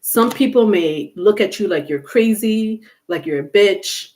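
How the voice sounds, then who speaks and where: A woman's voice: medium pitch, expressive, a little slow, darkish tone. Chatty, blunt tarot reader woman. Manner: chatty and blunt, curses freely, laughs often. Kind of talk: casual live-stream tarot reading.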